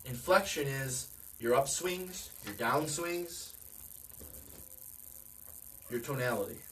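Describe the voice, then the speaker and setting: A man's voice: medium pitch, lively intonation, takes it slowly, a bit bright, recorded from a distance, soft background music, low-quality recording. A man giving a direct, conversational sales training talk, often asking his listeners questions. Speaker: real estate sales coach.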